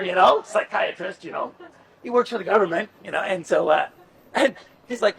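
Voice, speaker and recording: A middle-aged man, a teacher who speaks at conferences, delivers a talk in a high, creaky voice at a normal speed. He is an animated storyteller, chatty and full of fillers.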